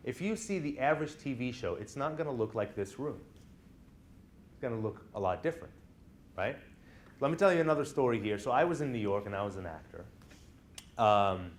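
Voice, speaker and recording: A man's voice: medium pitch, a little hiss or hum. Conversational man giving a classroom lecture. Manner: conversational, often checks in with "right?". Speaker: college lecturer. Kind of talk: classroom lecture with personal stories.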